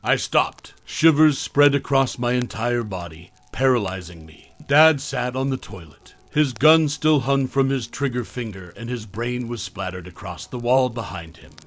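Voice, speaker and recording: A man narrating a first-person horror story in a measured, tense storytelling manner. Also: medium pitch, lively intonation.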